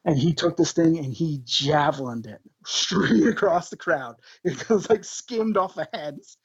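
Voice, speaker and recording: A man, a podcast guest, telling tour stories in an animated, swearing, laughing way. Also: fairly high pitch, a little slow, slightly rough, no echo, lo-fi sound. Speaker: podcast guest, band member. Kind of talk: casual storytelling.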